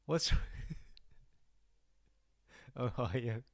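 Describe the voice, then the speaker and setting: A man's voice: mid-range voice, expressive, very slow, vocal fry, dry recording, studio quality. A young man chatting casually on a game live stream, reading out viewer comments and musing aloud.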